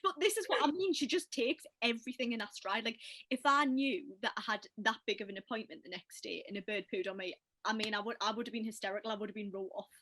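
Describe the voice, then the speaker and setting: A woman hosting a casual podcast chat, lively and quick to act out what people said. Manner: animated, acts out quotes in a higher voice. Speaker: podcast host.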